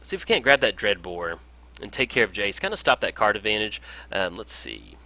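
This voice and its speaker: A man's voice: lowish voice, big pitch swings, fairly quick, sharp tone. A man casually commentating his own card game match in an upbeat, chatty way, with frequent fillers. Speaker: gameplay commentator.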